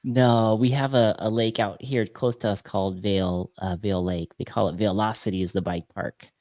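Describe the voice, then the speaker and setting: A man's voice: fairly low pitch, normal speed, no room sound, clean studio sound. A man from California hosting a casual podcast chat, telling stories and laughing often. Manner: laughs often, lively storytelling. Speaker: podcast host.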